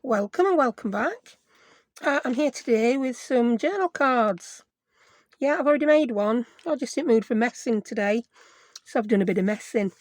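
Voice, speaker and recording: A woman's voice: on the high side, lively intonation, normal speed, a little mellow, no echo. A woman hosting a casual craft tutorial, chatty and self-deprecating, thinking aloud as she works. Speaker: craft video host.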